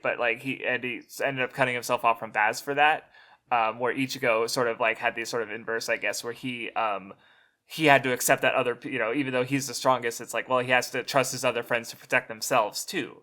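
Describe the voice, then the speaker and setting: Bright-voiced hesitant man. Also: medium pitch. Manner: halting, full of fillers and restarts. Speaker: guest. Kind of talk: casual anime discussion.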